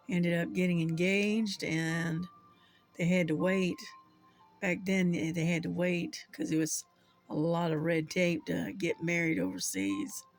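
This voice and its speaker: An older host with a Southern US accent, talking slowly and unhurriedly in a gravelly voice. The chat rambles from one story to the next, broken up by soft chuckles, with faint music playing underneath. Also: medium pitch. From Southern United States. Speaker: channel host.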